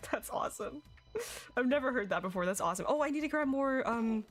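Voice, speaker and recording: A woman's voice: a little high, lively intonation, fast. Giggly young woman streamer. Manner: chatty, giggly, reacting to chat. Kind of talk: casual gaming stream chat. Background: faint music.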